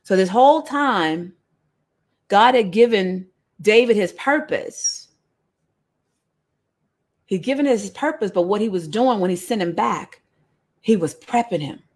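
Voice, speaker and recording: A woman leading a casual online Bible lesson, reading the story aloud and breaking off to comment in a lively, conversational way. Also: mid-range voice, a little slow, long pauses. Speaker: Bible study teacher.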